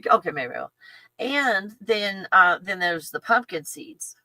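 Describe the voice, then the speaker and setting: A woman's voice: medium pitch, sing-song, unhurried, bright, forceful tone, no echo. A middle-aged woman chatting casually on a livestream in a rambling way, laughing often and talking to her dog. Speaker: channel host.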